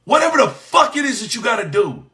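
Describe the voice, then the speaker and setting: A man delivering an impassioned, profane monologue, shouting in bursts and firing off mocking rhetorical questions. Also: extremely high pitch, big pitch swings, quick pace.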